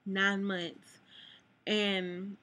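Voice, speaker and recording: A young woman pours her heart out to her camera in a bright, clear voice. She rambles, loops back on herself and leans on "like" as she talks. At times she is close to tears. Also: medium pitch, flat delivery, extremely slow. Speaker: vlogger. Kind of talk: emotional personal vlog talk. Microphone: camera mic.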